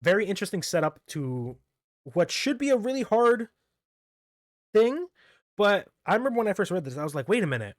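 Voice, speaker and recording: A man's voice: sits high, big pitch swings, moderate pace, long pauses, no room sound, studio quality. A man casually recapping manga chapters as a reviewer, rambling, correcting himself often and chuckling as he goes.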